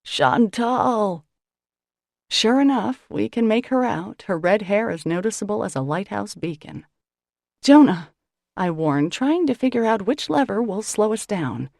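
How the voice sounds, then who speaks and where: A woman reading a novel aloud in the first person, with a wry, expressive delivery. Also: mid-range voice, normal speed, creaky, few pauses, no echo, clean studio sound. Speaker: audiobook narrator.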